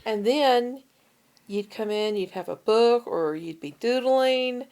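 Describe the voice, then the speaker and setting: A woman's voice: fairly high pitch, measured pace. A woman in casual conversation, telling a personal story and acting out the people she quotes. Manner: storytelling, animated when quoting others. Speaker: podcast co-host. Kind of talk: casual chat.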